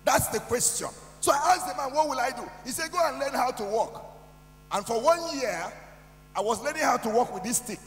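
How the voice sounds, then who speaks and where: High-voiced Nigerian man preaching in an echoey hall. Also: expressive, brisk. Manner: preachy, builds to shouting. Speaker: speaker at a youth conference. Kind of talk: motivational testimony. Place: large hall. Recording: echoey hall with soft music.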